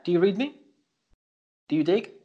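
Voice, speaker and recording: A man co-hosts a comedy podcast, needling his partner and reading out jokes he wrote himself. His voice is fairly high and bounces around a lot. It carries a husky, slightly breathy edge. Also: normal speed, highs cut off. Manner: lively, teasing, reads scripted jokes aloud. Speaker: podcast co-host. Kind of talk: bickering comedy podcast banter.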